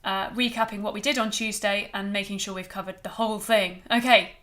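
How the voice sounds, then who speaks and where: A woman leading a choir rehearsal, gently coaching breathing and warm-up exercises and counting breaths aloud. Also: medium pitch, steady tone, a little fast. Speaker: choir director.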